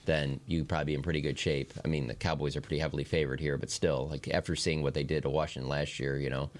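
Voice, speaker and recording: Male co-host with a very low voice, talking quickly and breaking down the game. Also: little pitch movement. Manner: analytical, casual. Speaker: sports radio co-host. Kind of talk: casual sports talk.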